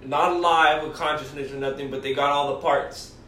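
A man's voice: fairly high pitch, steady tone, a little fast, fairly bright tone, slight background noise. A man in casual chat with coworkers, insisting on his points and swearing freely. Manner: insistent, says bro a lot, swears. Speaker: restaurant worker. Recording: echoey room, far from mic.

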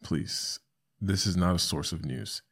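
A man hosting a podcast alone, talking casually and animatedly, often jumping into high squeaky voices to quote people. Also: moderate pace. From South Florida. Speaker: podcast host. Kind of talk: casual solo podcast commentary.

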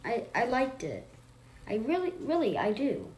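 A nervous, reluctant young girl, voiced by a woman reading aloud, lifting her pitch a little above the narrator's and stumbling over her words. She reads slowly in a roomy space with a faint hiss underneath. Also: sing-song, darkish tone. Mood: awkward. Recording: roomy echo, faint noise.

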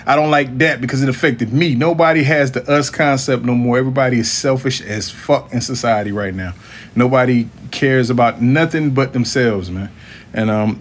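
A man hosting a casual podcast chat, talking bluntly and profanely in a rambling way, with restarts and laughs. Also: medium pitch. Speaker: podcast host.

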